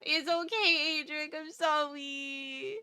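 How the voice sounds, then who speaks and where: A woman's voice: sits high, slow, bright, forceful tone, dry recording. A woman streaming live and chatting casually with her viewers in a bubbly, gushing way. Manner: bubbly, chatty, gushing over cute things.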